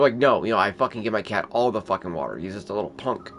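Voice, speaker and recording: A man's voice: on the low side, lively intonation, racing, few pauses. A man streamer chatting casually at home, switching into baby talk with his cat and swearing freely. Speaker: console game streamer. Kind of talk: casual off-camera chat. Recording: noisy home background.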